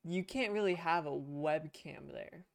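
A man's voice: a little high, a little slow, vocal fry, dry recording. A young man co-hosting a casual podcast, telling a long rambling story with swearing and restarts. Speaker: podcast co-host. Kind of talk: casual chat. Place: home room at a computer. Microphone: headset.

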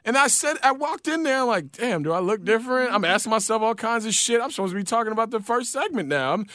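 A man in casual chat, an animated storyteller who swears freely and acts out quotes. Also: very high-pitched, quick pace, dry recording, clean studio sound.

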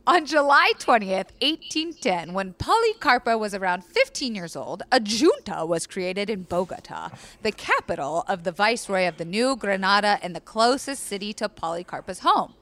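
A woman's voice: mid-range voice, sing-song, moderate pace, few pauses, fairly bright tone. A woman, a guest author, reading history aloud on a podcast and breaking off into profane, joking asides. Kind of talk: casual podcast storytelling.

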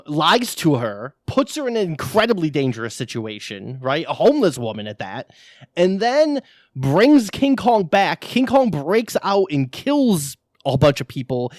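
A man's voice: fairly high pitch, very animated, normal speed, no echo, clean studio sound. A man co-hosting a casual film podcast, blunt and opinionated, cursing as he makes his point. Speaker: podcast co-host.

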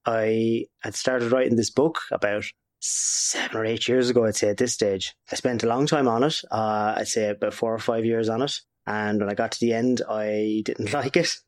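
A man's voice: lowish voice, steady tone, normal speed. An Irish man talking over a video call as a guest about the audio drama he made, chatty, laughing often and restarting his sentences. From Ireland. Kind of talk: casual interview chat.

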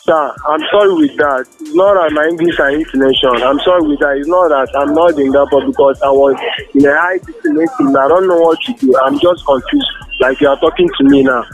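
A man's voice: fairly high pitch, lively intonation, brisk, vocal fry, soft background music. A young man on a phone call. He pleads in a flustered way and keeps addressing the other man as sir. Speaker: prank call target.

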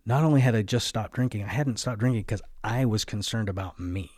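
A man's voice: on the low side, a little fast, darkish tone, dry recording, studio quality. A young man telling his own story in a candid, confessional way, swearing often and tagging lines with "right?". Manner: candid, profane, fillers of "right?" and "like". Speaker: podcast host.

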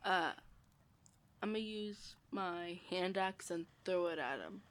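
A woman's voice: lowish voice, slow pace, a bit bright. A woman playing in a tabletop game, hesitant as she states her action. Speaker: player. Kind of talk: casual tabletop game play.

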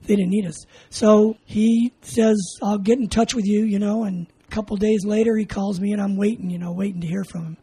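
Speaking fairly quickly with few pauses, an older man from California, USA, shares his memories as a veteran in an oral history interview. His high voice has a breathy edge, he laughs a lot and animatedly acts out dialogue, and the audio is poor.

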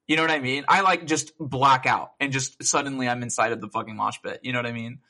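A man co-hosting a gaming podcast, chatting casually, excitable and swearing a lot as he rambles through stories. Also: medium pitch, fast. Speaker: podcast co-host. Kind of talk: casual chat.

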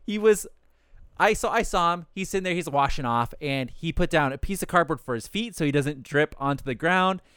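A young man, co-hosting a podcast and telling animated, profane stories about his retail job, acting out the people in them. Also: on the high side, fairly quick, clear, resonant tone, dry recording, studio quality. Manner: animated, profane, acts out quoted dialogue. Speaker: podcast co-host. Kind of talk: casual chat, storytelling.

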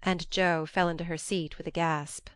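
Woman reading a classic novel aloud, lowish voice, dry close mic, measured pace. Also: level tone, clear, resonant tone, dry recording. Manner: measured, gently earnest reading. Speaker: narrator. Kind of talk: audiobook reading.

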